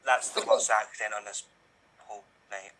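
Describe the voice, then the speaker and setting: A man's voice: on the low side, fairly even intonation, moderate pace, pushed and bright, rough recording. A man playing the ghost of a murder victim who dryly needles a suspect with questions in live improv. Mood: needling.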